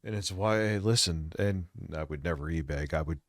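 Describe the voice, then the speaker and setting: A man's voice: low-pitched, moderate pace, no room sound, clean studio sound. Profane, worn-out man in his forties. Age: 40s. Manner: crude, blunt, swears constantly. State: stressed and worn out. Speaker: livestreamer reacting to a video. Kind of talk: profane late-night stream rant.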